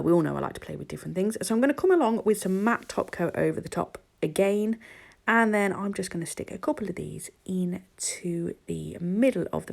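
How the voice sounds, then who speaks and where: Chatty woman with a gravelly voice. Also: medium pitch, darkish tone. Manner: chatty, self-mocking, rambling asides. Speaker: nail art vlogger. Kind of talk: casual voice-over tutorial.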